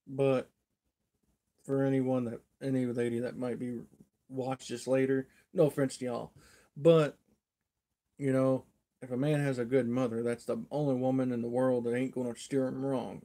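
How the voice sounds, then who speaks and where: Folksy rambling man, mellow voice. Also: mid-range voice. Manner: rambling, folksy, chuckles often. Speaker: livestream host. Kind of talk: casual rambling storytelling.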